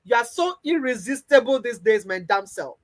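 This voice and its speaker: A woman's voice: on the high side, very animated, normal speed. A woman voicing a doting husband. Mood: affectionate. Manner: affectionate, teasing. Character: loving adoring middle-aged husband.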